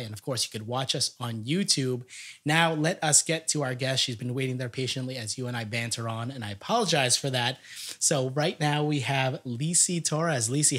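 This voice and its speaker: An upbeat male podcast host in casual chat. His voice sits at an ordinary middle pitch, and he talks in a friendly, chatty way with frequent laughs. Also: a bit bright.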